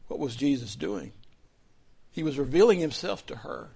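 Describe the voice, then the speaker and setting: A male pastor preaching a sermon, dropping to soft whispers and then rising to loud, fervent emphasis. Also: medium pitch, very animated, moderate pace, vocal fry, slightly rough.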